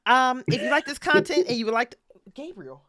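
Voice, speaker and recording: A woman's voice: sits high, lively intonation, fairly quick, a bit bright. A woman hosting a live stream, chatting casually and laughing often. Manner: bubbly, laughs often, talks to her dog. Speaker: stream host.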